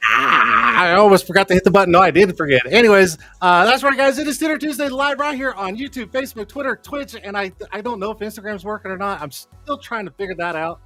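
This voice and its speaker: A man with a slightly high voice hosts a live stream in loose, casual chat. He rambles, swears freely and laughs often while faint music plays in the background. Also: lively intonation, fast talker, sharp tone. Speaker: host of a live streamed show.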